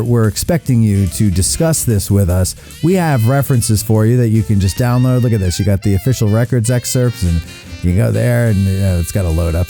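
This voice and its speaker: A man's voice: mid-range voice, dark tone. A man hosting a live show in casual chat, joking and chatty with a lot of fillers. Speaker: host.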